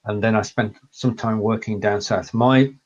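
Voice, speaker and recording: A man's voice: fairly low pitch, steady tone. Northern English man with a mixed accent. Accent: mixed northern English, Lancashire and Cumbrian. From Lancashire and Cumbria, England. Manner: measured, explanatory, reads out viewer comments. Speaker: co-host, local historian. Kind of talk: casual chat on a live video show. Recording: slightly dull lo-fi sound.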